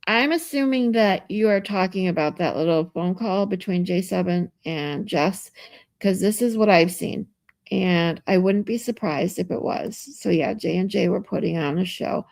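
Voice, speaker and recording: A woman's voice: lowish voice, moderate pace, gravelly, a little mellow, dry recording, clean studio sound. A woman live streamer chatting casually with her viewers, reading out and answering their comments and laughing often, from a hotel room.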